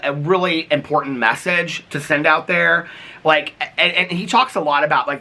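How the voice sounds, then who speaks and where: A man's voice: a little high, sharp tone. A man chatting casually and expressively as he recaps a reality TV show for his viewers. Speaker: TV reaction vlogger.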